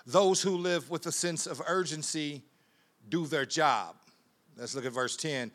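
A man with a slightly high voice preaches a sermon conversationally at a somewhat slow pace. He repeats words, laughs often, and swings between quiet asides and loud, emphatic bursts.

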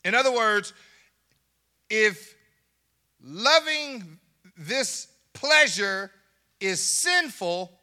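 A pastor preaching with great animation, his voice swinging widely up and down. He talks to the congregation directly, asks if they are ready and laughs between points. The man's tone is very bright and high. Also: drawn-out words, pauses often. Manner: animated preaching, laughing asides, call and response. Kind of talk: sermon.

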